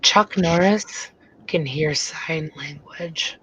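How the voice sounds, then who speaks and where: Slow, breathy woman reading softly. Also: deep voice, low-quality recording. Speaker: podcast co-host reading facts and jokes. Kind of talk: casual livestream chat, mock-ASMR reading.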